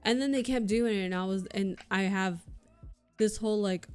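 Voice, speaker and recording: Woman, streamer, casual livestream chat, ranting, lots of swearing, mid-pitched voice. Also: normal speed, smooth, faint music behind.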